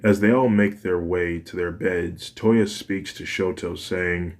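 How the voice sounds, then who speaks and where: A man reads a fan story aloud in a low, deep voice. He takes his time over each line and keeps a plain, unhurried delivery. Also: fairly even intonation, a little mellow. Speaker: narrator.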